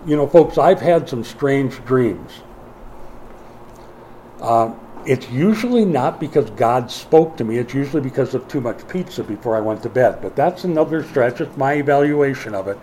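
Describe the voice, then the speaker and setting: A middle-aged man preaches a sermon in a mellow, warm voice. He swings between quiet, explanatory teaching and emphatic, rising declarations, and drops in folksy asides to his congregation. A faint background ambience sits under his voice. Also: mid-range voice, expressive, moderate pace, a little hiss or hum, low-quality recording. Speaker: pastor.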